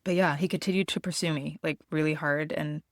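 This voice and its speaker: A woman podcast host telling a personal story in a candid, expressive way, swearing freely. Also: low-pitched, fairly quick, no room sound, clean studio sound.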